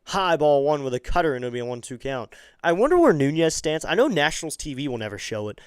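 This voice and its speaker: Smooth-voiced man calling baseball play-by-play. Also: fast, no echo, studio quality. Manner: rises sharply in pitch and volume on exciting plays; chatty asides to viewers. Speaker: fan play-by-play streamer. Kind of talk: amateur play-by-play commentary.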